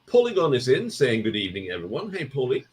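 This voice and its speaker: A man's voice: mid-range voice, fast talker, slight background noise. A man hosting a casual livestream, chatting and reading out viewer messages with frequent laughs. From United Kingdom. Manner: laughs often, lively banter. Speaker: livestream host.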